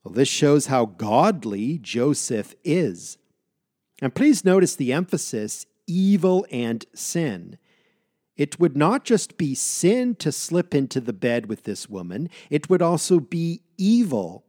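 A man teaching through a Bible passage, reading verses and then stopping to comment. His pitch rises and falls a lot as he stresses key words in a measured, deliberate way. The recording is close and dry. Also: big pitch swings, dark tone, no echo.

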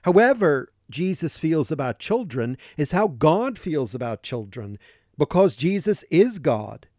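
A man preaching a sermon, teaching from scripture in a deliberate, emphatic way that leans on key words. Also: a little high, very animated, dark tone, no echo, clean studio sound.

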